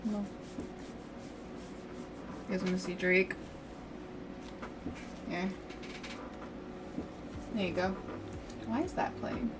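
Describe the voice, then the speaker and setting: A woman's voice: on the low side, drawn-out words, long pauses. A woman game streamer chatting casually and playfully with her viewers while she waits on her game. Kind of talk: casual livestream chat. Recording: steady background noise.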